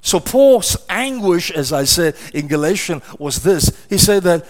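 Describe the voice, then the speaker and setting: A man's voice: sits high, lively intonation, a little slow, few pauses. A middle-aged man preaching a sermon, emphatic and questioning, often repeating words as he presses his point. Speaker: pastor.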